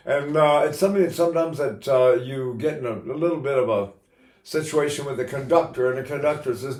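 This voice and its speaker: A man's voice: a little high, a little fast. Older male voice teacher, roomy sound. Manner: explains calmly, then sings loud operatic bursts. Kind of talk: singing lesson demonstration.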